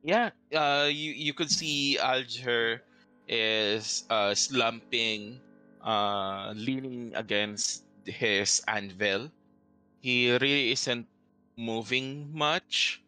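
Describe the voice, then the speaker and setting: A man narrating as game master of a tabletop game, halting and full of fillers. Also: medium pitch, pushed and bright, smooth, soft background music, low-quality recording. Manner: halting, hesitant with many fillers.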